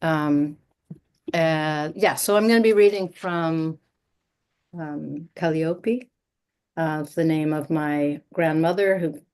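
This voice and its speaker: Low, slow-speaking hesitant woman poet. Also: a little mellow, smooth. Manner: apologetic, hesitant. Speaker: featured poet. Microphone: video call.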